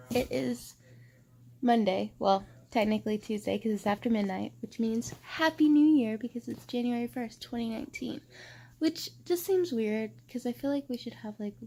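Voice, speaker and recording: A young woman chats to camera for her reading vlog. Her voice sits a little higher than usual, and she talks loosely and swears freely as she rants about what she has been reading. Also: dark tone. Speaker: book vlogger.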